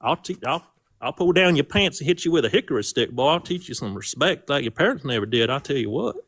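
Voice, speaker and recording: A man hamming up a gruff Texan blowhard who drawls out threats and calls everyone "boy". The voice sits a little higher than his usual talk, and it is loud and bullying. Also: animated, quick pace. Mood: blustering.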